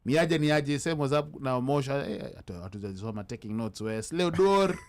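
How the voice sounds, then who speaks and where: A man's voice: medium pitch, animated, moderate pace. A man with a Kenyan accent hosting a casual live-stream chat, switching freely into Sheng and reading out viewer comments as they come in. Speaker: host.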